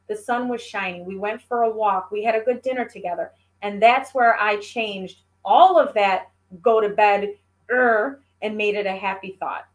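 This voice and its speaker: A woman appears as a guest in a casual chat, telling stories animatedly and acting out the voices of the people she quotes. Her voice sits on the high side, at a moderate pace.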